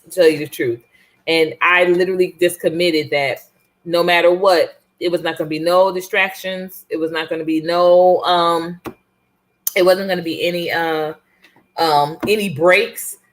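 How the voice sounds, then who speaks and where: A woman co-hosting a relaxed couples talk show with her partner, talking casually with many fillers and restarts. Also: sits low.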